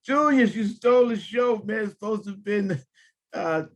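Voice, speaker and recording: A man with a high-pitched voice talks casually and emotionally, mixing slang and laughter. He sounds somewhat distant from the mic. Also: moderate pace.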